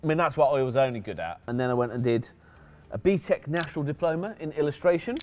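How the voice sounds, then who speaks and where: A man's voice: a little high, expressive, fast, darkish tone, faint music behind. A middle-aged man with a faint Brummie accent, chatting casually as host and laughing often. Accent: Brummie, softened. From West Midlands, England. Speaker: host, car artist. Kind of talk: casual chat. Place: car converted into a studio, live stream.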